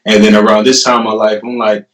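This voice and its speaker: Roomy, animated young man telling a story. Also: fairly low pitch, quick pace. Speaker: guest. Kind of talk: casual storytelling. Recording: roomy, distant mic.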